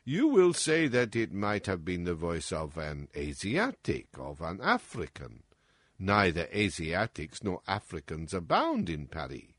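A man voicing a calm, analytical male detective who lays out his reasoning in a measured, lecturing way, as in an audiobook. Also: deep voice, dry recording, clean studio sound, pitched below the performer's own voice, heavily acted. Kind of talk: audiobook character reading.

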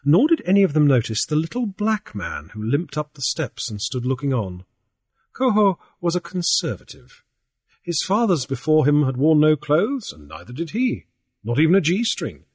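A man reading a novel aloud in measured, even scripted narration. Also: a little high, husky, dry recording, studio quality. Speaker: audiobook narrator.

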